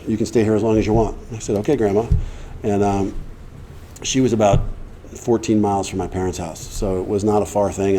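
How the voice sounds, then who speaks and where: A middle-aged man telling his personal recovery story to a meeting, conversational, acting out the dialogue he quotes and clearing his throat often. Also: lowish voice, mellow, slight background noise.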